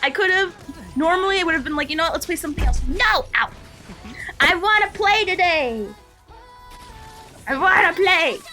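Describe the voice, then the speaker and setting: A woman's voice: high-pitched, bright, forceful tone. A woman game streamer chatting casually on a live stream, rambling and laughing often.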